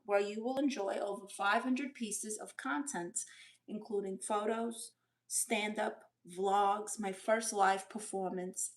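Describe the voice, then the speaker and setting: A woman's voice: mid-range voice, natural voice. A woman playing a sassy, doting middle-aged aunt on a comedy livestream, greeting viewers and reading chat aloud with big swoops in her voice. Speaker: livestream host in character. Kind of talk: live-chat comedy stream. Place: bedroom.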